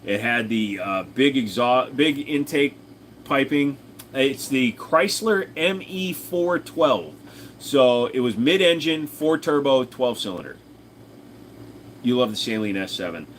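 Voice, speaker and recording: This man streams live, answering viewers' chat in a rambling, casual way and cursing freely. His mid-range voice is expressive and slow, with a little hiss or hum in the recording.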